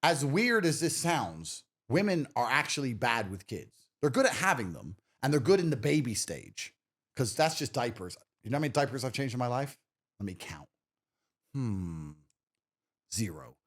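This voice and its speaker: A swaggering man talks as a podcast guest, his voice rising and falling a lot over a middle pitch. He is blunt and profane, and he tells stories with a cocky edge. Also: big pitch swings, moderate pace, a bit bright. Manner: brash, profane, swaggering storyteller. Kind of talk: casual chat.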